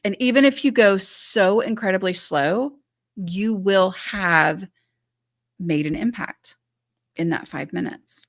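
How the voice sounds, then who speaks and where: A woman's voice: mid-range voice, takes it slowly, no room sound, clean studio sound. A woman hosting a live-stream Q&A, reading out viewer questions and answering them in a chatty, reassuring way with lots of "like" and "um". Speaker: decluttering advice host; former teacher and mother.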